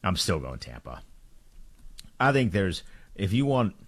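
A man co-hosts a sports radio show, chatting casually about football. His voice is deep and low. He sounds relaxed and easygoing. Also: measured pace. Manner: casual, laughing, laid-back.

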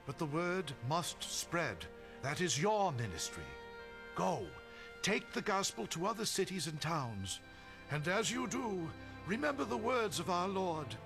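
A calm, solemn apostle. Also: male voice, high-pitched, measured pace, vocal fry, over music, exaggerated voice. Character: calm, steady male apostle leader. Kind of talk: radio drama acting.

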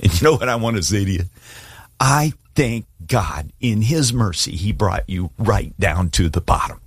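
A man's voice: fairly low pitch, lively intonation, moderate pace, husky, no room sound. A middle-aged man preaching a sermon and making an earnest, pleading altar call. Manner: earnest, pleading, shifts from hushed prayer to emphatic. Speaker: pastor.

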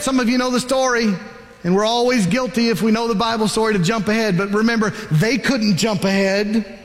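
A man pastor preaching a sermon, telling a Bible story with animated emphasis. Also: very high voice, in a large hall.

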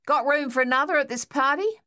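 A man's voice: very high-pitched, brisk, sharp tone, no echo, clean studio sound, pitched above the performer's own voice. A woman voicing a wry male machine gunner with a sardonic way of talking.

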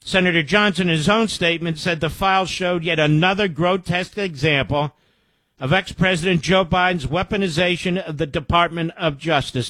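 A man's voice: a little high, normal speed, bright, forceful tone, no room sound. A man hosting a political talk show, reading news quotes aloud and breaking in with indignant, sarcastic remarks. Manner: indignant, sarcastic asides between quoted reports. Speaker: radio show host.

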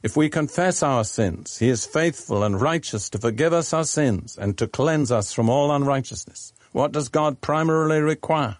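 A man preaching a sermon in a measured, deliberate teaching manner. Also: on the high side, no echo.

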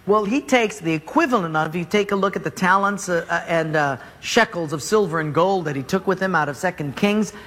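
A man's voice: high-pitched, a little fast, few pauses, fairly bright tone, big-room sound. A man preaching a sermon as pastor, telling the story animatedly with jokes.

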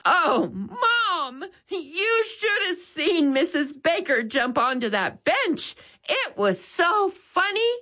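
A woman's voice: on the low side, big pitch swings, slow, bright, forceful tone, full character voice. A woman voicing a playful, easily distracted young boy. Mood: amused.

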